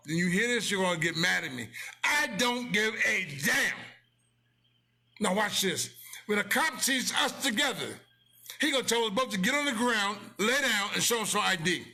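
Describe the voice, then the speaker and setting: A man's voice: high-pitched, pushed and bright. A man in a blunt, casual motivational rant, preachy and repeating his lines for emphasis, speaking close to the mic. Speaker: business owner promoting his company.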